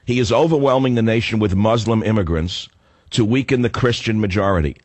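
A hoarse man hosting a radio talk show, delivering a combative, ranting monologue. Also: fairly low pitch, a little fast, darkish tone, no room sound. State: hoarse from a cold.

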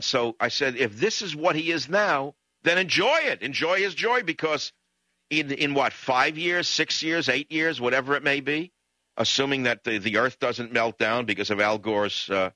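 Male talk radio host, combative sarcastic rant, sharp bright tone, dry studio sound. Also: mid-range voice, lively intonation, normal speed, dry recording. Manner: ranting, sarcastic, indignant. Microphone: studio broadcast microphone.

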